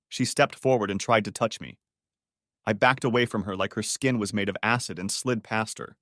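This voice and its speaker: A man narrating a first-person drama audiobook in a dramatic, expressive way. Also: fairly low pitch, moderate pace, no room sound, clean studio sound.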